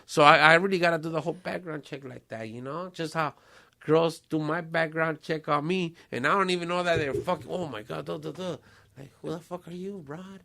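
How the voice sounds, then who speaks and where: A man's voice: on the high side, a little fast, gravelly, bright, forceful tone. A man, hosting a casual podcast chat and talking streetwise slang with Spanish phrases and swearing. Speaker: podcast host.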